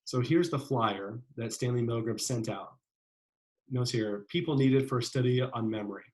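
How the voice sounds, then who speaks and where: A man's voice: medium pitch, normal speed, poor audio. Conversational male psychology lecturer. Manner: conversational, many fillers and "right?" checks. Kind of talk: classroom lecture.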